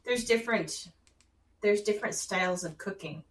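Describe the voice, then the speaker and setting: A woman's voice: mid-range voice, moderate pace, far from the mic, a little hiss or hum. Chatty woman guest, roomy off-mic sound. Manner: chatty, frequent agreeing interjections. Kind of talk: casual radio chat.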